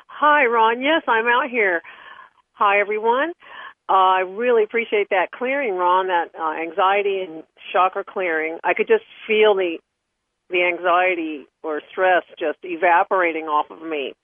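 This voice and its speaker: A woman co-hosts a radio show, reading out announcements in a friendly but hesitant manner full of small pauses. Her voice is thin and phone-like, with no room echo at all. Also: mid-range voice. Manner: friendly, hesitant, with many fillers. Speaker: radio co-host. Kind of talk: casual radio talk and announcements. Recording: phone-like line, dry.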